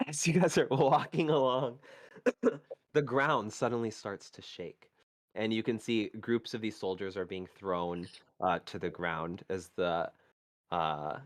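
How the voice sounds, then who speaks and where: Slow, low-voiced man running a tabletop game. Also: no echo. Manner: halting, searching for words. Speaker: game master. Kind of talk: narrating a tabletop game on a live stream.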